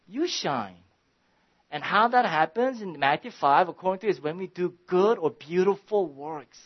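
A pastor delivering a sermon in a somewhat raised, higher-than-usual man's voice. He speaks earnestly with pauses, then builds to emphatic, passionate preaching. The recording sounds dull and lo-fi. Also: animated, husky.

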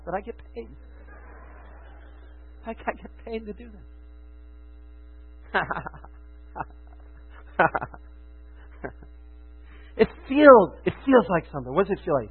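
A fervent male preacher with a high, husky voice who swings between hushed asides and loud, emphatic declarations. The sound is thin and phone-like, with a mains hum underneath. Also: sing-song, unhurried, long pauses. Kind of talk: sermon.

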